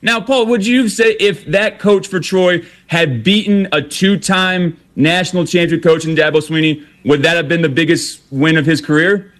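A man's voice: a little high, moderate pace, few pauses, a bit bright. A man calling into a sports talk show, taunting a rival team and repeatedly addressing the host by name. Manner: taunting, keeps saying the host's name. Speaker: caller.

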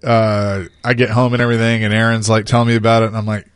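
A man hosting a sports radio show, relaxed and humble in casual chat. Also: fairly low pitch, fast, clean tone, dry recording, clean studio sound.

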